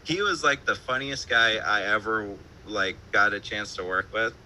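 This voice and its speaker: Man, band musician, interview guest, low bright voice, rambling laid-back storytelling, lots of fillers and swearing, talking from home over a stream. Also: moderate pace, a little hiss or hum, low-quality recording.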